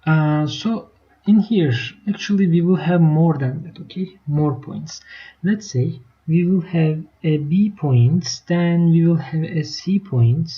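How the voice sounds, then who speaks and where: A woman's voice: sits low, slow. A woman teaching a live online math lesson, explaining step by step and checking in with her students. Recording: dull lo-fi stream audio.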